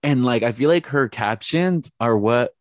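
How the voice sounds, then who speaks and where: A woman's voice: extremely low pitch, lively intonation, unhurried, darkish tone, no room sound, studio quality. A woman co-hosting a casual gossip chat, rambling with frequent restarts and fillers. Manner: rambling, restarts often, fillers like "I was gonna say". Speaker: podcast co-host.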